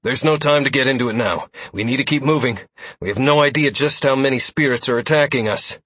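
A man voicing a forceful young swordsman hero who yells commands in an audiobook. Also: medium pitch, a little fast, slightly rough, no echo. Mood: urgent. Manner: yelling commands.

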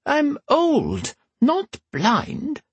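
A man voicing an old empress who is creaky and sharp-tongued, in a high put-on voice. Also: huge pitch swings, very slow, no echo, full character voice. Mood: tart.

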